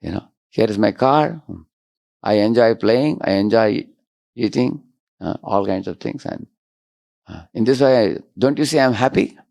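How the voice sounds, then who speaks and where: A man's voice: lowish voice, a little slow, vocal fry, pauses often, a little mellow. A man voicing a worldly middle-aged man who boasts of his pleasures and challenges a monk, in a brash, challenging manner. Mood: boastful.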